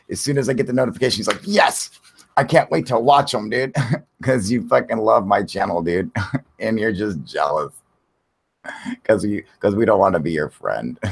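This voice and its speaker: A man's voice: lowish voice, vocal fry. A man hosting a live stream in casual chat, talking loosely and profanely, chuckling often and greeting viewers by name. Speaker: livestream host.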